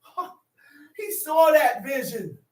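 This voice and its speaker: High-pitched preacher shouting in an echoey room. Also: male voice, lively intonation, takes it slowly. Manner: shouts emphasis, repeats phrases, call-and-response. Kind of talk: fiery sermon teaching. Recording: echoey room, distant mic.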